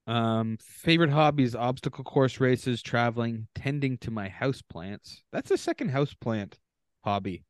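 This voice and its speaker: A man's voice: medium pitch, expressive, normal speed, dry recording, clean studio sound. A man from Canada co-hosting a casual podcast, reading contestant bios aloud with offhand asides. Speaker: podcast co-host.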